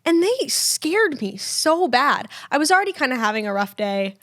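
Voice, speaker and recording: A woman's voice: sits high, moderate pace. A young woman from Georgia co-hosting a casual family podcast, telling stories with frequent laughs. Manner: chatty storyteller, laughs often, quotes people in lively voices. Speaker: podcast co-host.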